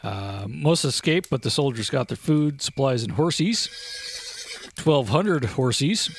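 Guy on a podcast telling old west history, relaxed, lots of uhs, bit of hiss behind. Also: mid-range voice, normal speed. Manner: laid-back storytelling with frequent uh fillers. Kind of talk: casual profane history chat.

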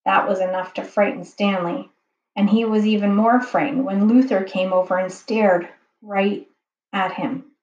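A woman reading a children's book aloud slowly and carefully as the narrator. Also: mid-range voice, steady tone, a little mellow. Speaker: storyteller. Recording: dull, roomy home recording.

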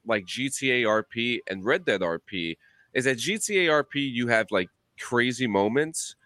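Man, casual chat, animated storyteller, swears a lot, mid pitch, dry close sound. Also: normal speed, no room sound.

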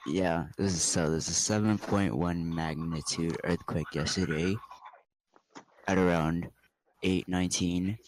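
A man's voice: low voice, fairly even intonation, unhurried, a crowd in the background, poor audio. A teenage boy hosting a podcast with friends, joking around in laid-back casual chat. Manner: laid-back, joking, says "bro" and "dude" a lot. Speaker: podcast host.

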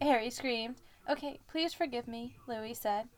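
A woman with a fairly high voice reads fan fiction aloud for a podcast. She hams up the quoted lines, leaping higher in pitch whenever the characters speak. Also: steady tone, moderate pace, hardly any pauses. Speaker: podcast co-host.

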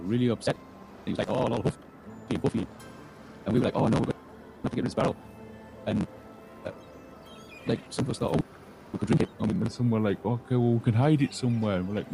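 Speaking at a fairly low pitch, this game master narrates a story in character, meandering, starting over repeatedly and performing the quoted dialogue. The recording is of poor quality.

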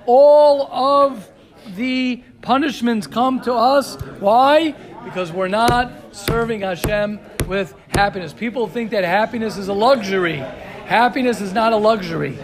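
A man giving a Torah class, reading Hebrew text quickly and then explaining it with excitement, often asking "right?" and "you hear this?". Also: high voice, a crowd in the background. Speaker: Torah teacher.

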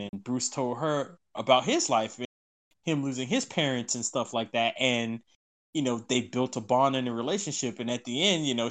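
A man guest on a podcast, chatting casually, getting excited and emotional and laughing often. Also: mid-range voice.

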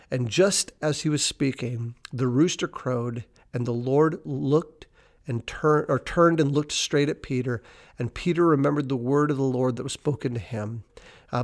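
A man preaching an informal sermon, retelling scripture in a casual, riffing way and slowing down to stress key words. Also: mid-range voice. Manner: conversational, unscripted, slows down for emphasis. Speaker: pastor.

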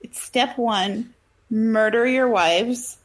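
A woman's voice: a little high, drawn-out words, low-quality recording. A woman co-hosting a podcast, reacting to a true crime story with sarcastic quips and jokes. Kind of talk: casual true crime chat.

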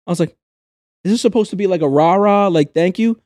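A young man talks fast in casual podcast chat and swears freely as he tells a work story. His voice sits a little high, with a mellow tone. The room is dry and close. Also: no echo. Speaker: podcast co-host.

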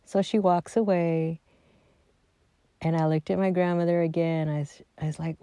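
A middle-aged woman casually telling a personal family story, chatty and animated, acting out quotes and dropping into soft asides. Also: on the low side, normal speed, long pauses, dry recording.

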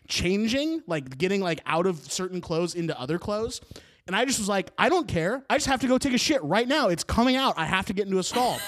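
A man in his twenties casually telling a funny personal story on a podcast, animated, laughing through his words and swearing freely. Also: sits high. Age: 20s.

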